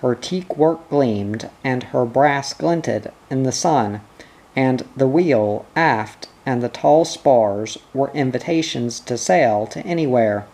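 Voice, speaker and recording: A man narrating an audiobook in a measured reading style. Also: medium pitch, darkish tone.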